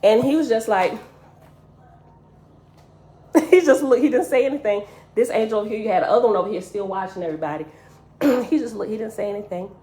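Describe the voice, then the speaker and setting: A woman's voice: a little high, brisk, long pauses, mellow. A woman telling a dream story to her listeners in an earnest, emotional way, speaking to them directly.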